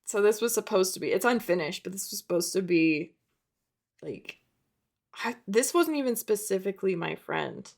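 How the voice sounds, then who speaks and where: A woman's voice: medium pitch, expressive, moderate pace, creaky, darkish tone. A young woman narrating a casual sketchbook tour, chatty and self-mocking, laughing at her old drawings. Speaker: art vlogger.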